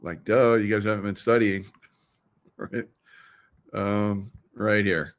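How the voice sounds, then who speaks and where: A man's voice: on the low side, fairly even intonation, slow. Chatty man riffing to his viewers. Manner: conspiratorial, joking asides, laughs at own lines; talks straight to viewers, asks them questions. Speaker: show host. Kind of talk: casual livestream monologue.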